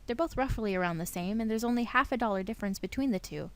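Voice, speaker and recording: Reading out narration from a visual novel during her let's play, this young host sounds lively and playful. She talks fast, and her pitch sits fairly high.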